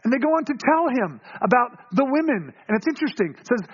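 Animated high-voiced preacher. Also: male voice, fast talker, hardly any pauses, husky, dull audio. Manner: animated storytelling, acts out voices, chuckles often. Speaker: pastor. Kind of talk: sermon.

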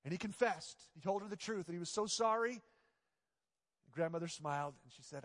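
Male pastor, sermon, storytelling delivery, emphatic repetition, high voice, long reverb. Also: moderate pace, a bit bright.

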